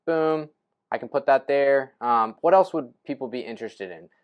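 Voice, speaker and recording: A young adult man giving a casual screen-share lesson on writing posts, thinking aloud as he types and punctuating steps with "right?" and "boom.". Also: moderate pace, lo-fi sound. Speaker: real estate investing coach.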